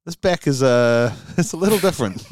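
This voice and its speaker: A man's voice: on the high side, expressive, normal speed, darkish tone, slight background noise. A man co-hosting a comedy podcast, improvising a silly story with many ums and laughing at his own jokes.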